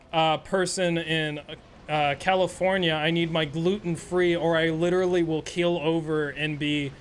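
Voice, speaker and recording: A man's voice: on the high side, fairly bright tone, slight background noise. A man streaming a game and telling a rambling, profane, sarcastic story in casual chat. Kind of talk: casual storytelling while gaming.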